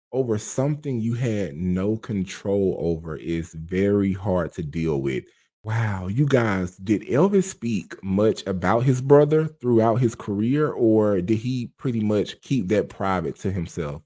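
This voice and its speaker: A man with a fairly low voice reacts to a video and talks to his viewers. He speaks slowly but swings widely in pitch as he exclaims. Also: lively intonation, dark tone. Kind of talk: casual reaction commentary.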